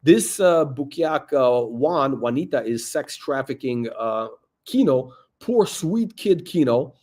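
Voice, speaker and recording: A man's voice: medium pitch, lively intonation, takes it slowly, darkish tone. A man hosting a watch channel, ranting in a mocking, rambling way with lots of fillers. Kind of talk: mocking commentary rant.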